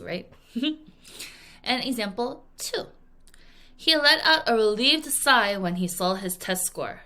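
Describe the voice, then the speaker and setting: A woman's voice: mid-range voice, pushed and bright. A woman teaching English vocabulary to young students in a recorded lesson, acting out example sentences playfully and laughing often at her own acting.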